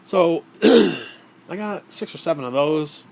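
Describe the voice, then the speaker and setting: A man's voice: a little high, expressive, takes it slowly, vocal fry, darkish tone. Rambling, profane man telling a story. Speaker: vlogger. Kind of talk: casual storytelling.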